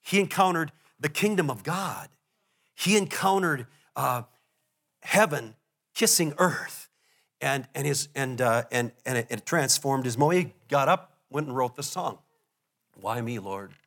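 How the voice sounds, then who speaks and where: A male pastor preaching a sermon to a congregation, telling a story with animated, self-deprecating asides. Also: mid-range voice, a little slow. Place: church before a congregation.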